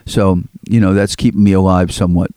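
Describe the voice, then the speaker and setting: A man's voice: sits low, steady tone, a little fast, mellow, dry recording. Older Philly man telling a long story. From Philadelphia. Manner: rambling, repeats words, acts out quotes. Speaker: record collector guest. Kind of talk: storytelling in an interview. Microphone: studio microphone.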